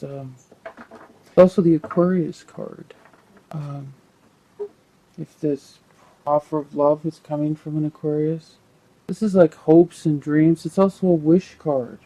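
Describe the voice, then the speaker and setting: A man giving a casual tarot reading, thinking aloud in a halting, rambling way with many repeated words. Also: fairly high pitch, steady tone, dark tone, low-quality recording. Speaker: tarot reader.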